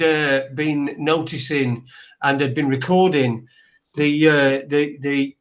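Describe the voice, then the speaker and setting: A man co-hosts a casual news chat. His voice sits a little high for a man. He rambles, hesitates and restarts as he reads articles aloud. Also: fairly bright tone. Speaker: podcast co-host.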